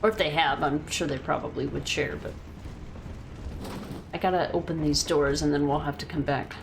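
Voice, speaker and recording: A woman's voice: deep voice, fairly even intonation, normal speed, background noise. A woman streaming a game, chatting casually, swearing freely and answering her chat. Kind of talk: casual gameplay commentary.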